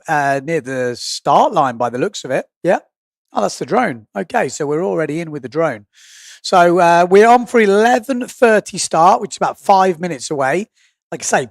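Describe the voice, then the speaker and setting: A man's voice: on the high side, dry recording, studio quality. A man giving chatty, rambling live sport commentary as the stream's host. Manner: chatty, rambling, thinking aloud. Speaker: livestream commentator.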